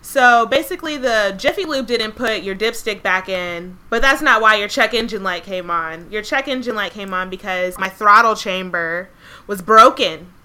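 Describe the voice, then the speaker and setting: A young woman co-hosting a podcast, telling a story in a casual, animated way with a lot of swearing. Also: medium pitch, moderate pace. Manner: animated, profane, laughs often. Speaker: podcast co-host.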